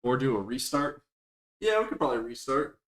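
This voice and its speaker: A man's voice: medium pitch, big pitch swings, a little fast, a bit bright, a little hiss or hum. A man hosting a live stream, chatting casually with viewers in crude, teasing banter full of swearing.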